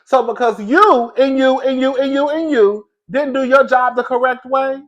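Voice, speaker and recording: Male comic storyteller with a high voice, animated delivery and frequent laughter, calling everyone "girl.". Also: normal speed, muffled recording. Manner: animated, laughs often, says "girl" constantly. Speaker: comedic commentator.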